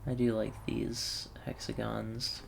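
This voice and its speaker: A man's voice: lowish voice, monotone, takes it slowly, gravelly, slight background noise. A man thinking aloud in wry self-talk while commentating a puzzle game. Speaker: let's play gamer.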